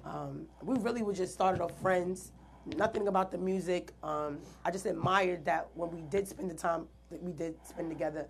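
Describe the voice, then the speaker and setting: Gravelly low-voiced woman telling her story. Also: normal speed, slight background noise. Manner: earnest, animated retelling with quoted dialogue. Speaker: guest artist. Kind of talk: candid storytelling interview.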